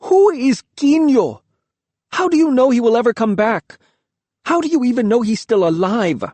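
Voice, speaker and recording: A man reading an audiobook, voicing a desperate, defiant young boy with a shrill, cracking voice. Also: animated, moderate pace, no room sound.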